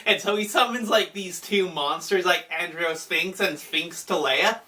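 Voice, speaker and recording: A man's voice: high-pitched, unhurried, sharp tone, recorded from a distance. A man casually recapping an anime movie, chatty with fillers like "uh" and "like". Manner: chatty, with frequent fillers and laughs. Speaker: anime commentator.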